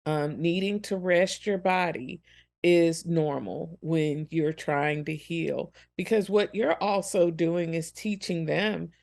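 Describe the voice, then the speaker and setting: A woman's voice: fairly low pitch, steady tone, takes it slowly, gravelly, darkish tone. A woman co-hosting a ministry podcast, speaking earnestly and compassionately about helping children through hard times. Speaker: podcast co-host. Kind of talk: reflective ministry podcast talk.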